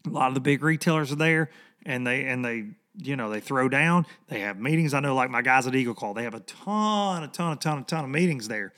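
A man hosting a fishing podcast in casual chat, hoarse from losing his voice, rambling and repeating words for emphasis. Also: mid-range voice, a little fast, bright, forceful tone.

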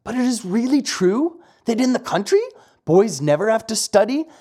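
A storybook narrator voicing an eager, dreamy wooden marionette boy whose talk keeps rising into excited high cries. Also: moderate pace, slightly rough. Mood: longing.

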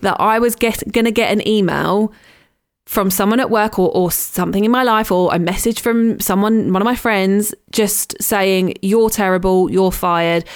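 A woman in a casual podcast chat, mid-pitched and expressive. She talks openly and with animation, breaking into laughs and stumbling over repeated words. Her delivery is conversational and unscripted. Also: normal speed, smooth. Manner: candid and animated, with laughs and repetitions. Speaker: podcast co-host.

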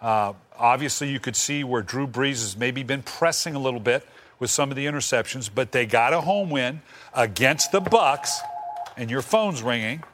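A middle-aged former football coach co-hosting a podcast, animated and steering the talk, with quick asides. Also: male voice, medium pitch. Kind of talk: casual podcast chat.

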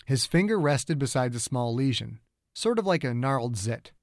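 A man reads a thriller audiobook in a steady, measured way. His voice sits in a middle range and the recording is dry and close, with no room sound. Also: mid-range voice, no echo. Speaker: author and narrator. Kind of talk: scripted audiobook narration.

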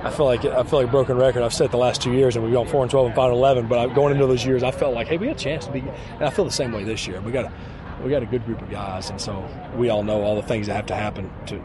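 Football player interviewed amid a crowd. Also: male voice, mid-range voice, fairly even intonation, fast. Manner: earnest, repetitive, cliche-laden. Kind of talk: outdoor press interview. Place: outdoors at training camp.

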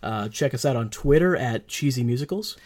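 A woman co-hosts a loose, joking podcast, her pitch moving up and down all the time. She swears offhandedly and adds deadpan quips to her co-host's points. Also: brisk. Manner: swears casually, animated and joking. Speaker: podcast co-host. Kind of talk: casual chat.

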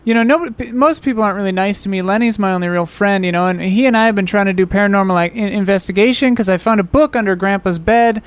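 A woman's voice: medium pitch, fast, few pauses, smooth, dry recording, close to an everyday voice. A woman voicing a bullied, anxious teenage boy who stammers and rambles in an improvised tabletop role-play. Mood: nervous. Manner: rambling, stammering, nervous over-explaining. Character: bullied, anxious teenage boy, scaredy-cat younger brother.

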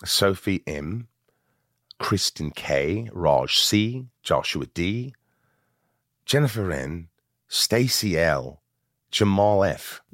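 Male podcast host, very low voice, dry close sound, steady name-reading delivery. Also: extremely slow, pauses often, no room sound. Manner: rattles off long name lists in a steady deadpan. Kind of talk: casual chat, reading patron names.

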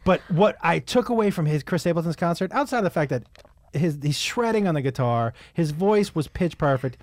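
A man's voice: on the high side, animated, fairly quick, a little mellow, no room sound. A man hosting a casual interview, playful and jokey in his questions. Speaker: host.

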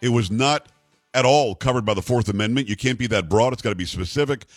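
Male talk radio host, rapid-fire and emphatic, dry close-mic sound. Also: mid-range voice, no room sound, soft background music. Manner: fast, emphatic, incredulous, stammers when excited.

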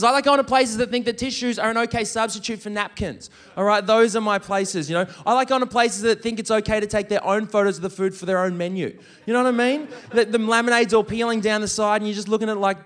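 A young man doing a stand-up comedy set, animated and swearing freely, with exaggerated impressions. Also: high-pitched. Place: live comedy venue.

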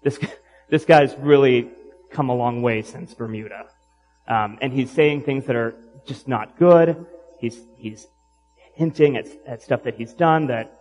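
A man's voice: medium pitch, darkish tone, rough recording. A man preaching a sermon, retelling a story and then putting pointed questions to his listeners. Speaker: pastor.

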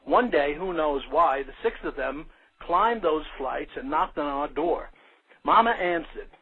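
A man's voice: on the high side, expressive, a little slow, breathy edge. An older man from Brooklyn, New York, reading his own short story aloud in a plain, earnest way. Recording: narrow phone-like sound.

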